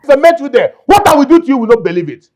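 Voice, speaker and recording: An actor with a Yoruba Nigerian accent playing a domineering, scheming middle-aged father who shouts at his daughter. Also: very high voice, very animated, racing. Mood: furious. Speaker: fraudster father. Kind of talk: Nollywood film acting.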